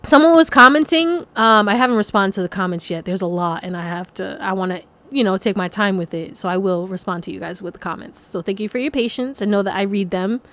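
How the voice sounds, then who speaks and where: A woman's voice: medium pitch, quick pace, few pauses, fairly bright tone. A young woman giving a casual pick-a-card tarot reading, chatty and rambling, swearing freely and laughing often.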